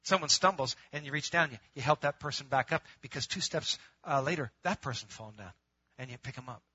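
A man preaches to his congregation in a casual, animated way, swinging between loud emphatic bursts and hushed, intimate appeals. His voice is bright and a bit husky, sitting slightly high. The sound is dry and a little dull. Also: a little fast, no echo. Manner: calls the congregation "gang", laughs between points. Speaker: pastor. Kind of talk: sermon.

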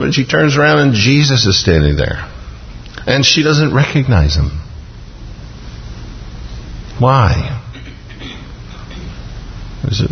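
A man's voice: fairly low pitch, a little hiss or hum. A man preaching a sermon, dramatically acting out biblical scenes with touches of humor. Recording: dull lo-fi recording with long reverb.

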